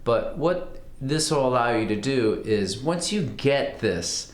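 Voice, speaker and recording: A man teaching a fiddle lesson in a relaxed, conversational way. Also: medium pitch, takes it slowly. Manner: relaxed, conversational, counts beats aloud. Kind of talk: casual music lesson. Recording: roomy sound with fiddle playing.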